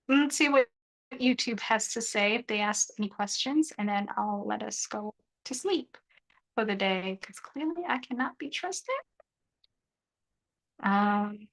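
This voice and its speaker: A woman's voice: on the high side, a little slow, a bit bright, rough recording. A young woman hosting a casual live stream, joking and reading the chat aloud while half of her mouth is still numb from dental surgery. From South Africa.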